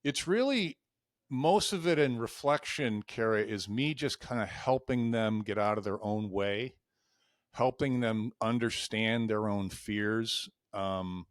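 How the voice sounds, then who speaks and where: Low-voiced man telling candid stories. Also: slow, dry recording, studio quality. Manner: candid, emotional, acts out quoted dialogue. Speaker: life and executive coach, guest. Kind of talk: podcast interview, storytelling.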